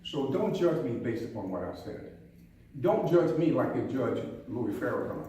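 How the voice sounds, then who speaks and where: A man's voice: medium pitch, sing-song, normal speed, dark tone. An older man from the American South telling stories and giving homespun sayings as a police chief speaking to an audience. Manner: storytelling, homespun sayings, asks the audience questions. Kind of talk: folksy public talk to an audience. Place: museum hall with an audience. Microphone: recorded from across the room. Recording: echoey hall, distant mic, faint room noise.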